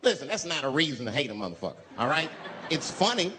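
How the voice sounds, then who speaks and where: A man's voice: on the high side, big pitch swings, fast, bright, forceful tone. A man performing a stand-up routine on a comedy stage, telling stories animatedly and jumping into character voices. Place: comedy stage before a live audience.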